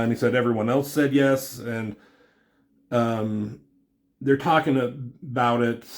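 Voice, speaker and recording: A man casually recapping a comic book issue, rambling with lots of fillers as he paraphrases the dialogue. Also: fairly low pitch.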